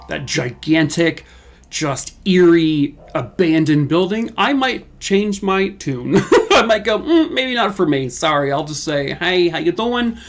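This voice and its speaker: High-voiced joking male storyteller. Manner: jokey, irreverent asides with swearing; asks the audience questions. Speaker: haunted-place storyteller. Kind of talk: casual storytelling to viewers.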